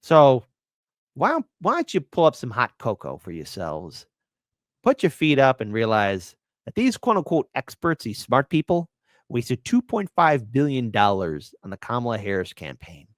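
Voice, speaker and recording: A man hosting political commentary, mocking and animated, jumping between voices. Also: mid-range voice, normal speed, no echo.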